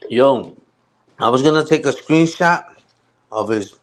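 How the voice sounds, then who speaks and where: A man's voice: mid-range voice, expressive, unhurried. A man ranting casually on his live stream. He repeats himself, uses heavy slang and keeps asking "you heard?".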